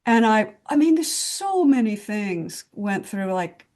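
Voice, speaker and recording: A woman's voice: mid-range voice, big pitch swings, slow, hardly any pauses, darkish tone. A woman speaking candidly in a video-call sharing group, blunt and swearing, with many fillers and restarts.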